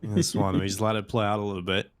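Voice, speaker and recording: A man calling esports play-by-play, building excitement on big plays. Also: fairly low pitch, quick pace, clean tone. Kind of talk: play-by-play game commentary.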